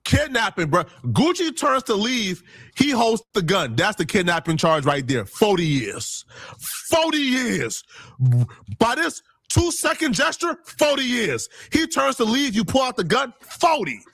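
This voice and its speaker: A man commenting in an online video, telling the story emphatically and acting out quotes with sudden jumps in pitch. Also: very animated, normal speed, gravelly, fairly bright tone, husky, no room sound, clean studio sound. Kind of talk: commentary video played on stream.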